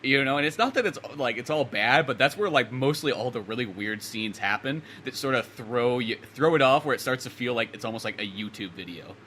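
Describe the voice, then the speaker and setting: A man co-hosting a casual podcast, talking very quickly as he rambles through his opinions, often trailing off and starting again. His voice is bright and crisp at a middling pitch, with a faint background noise under it. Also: lively intonation. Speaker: podcast co-host. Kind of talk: casual movie review chat.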